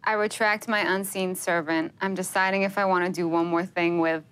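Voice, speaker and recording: Amused woman player, slightly low voice. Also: steady tone, moderate pace, fairly bright tone, clear, resonant tone. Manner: amused, casual. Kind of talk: playing a tabletop game.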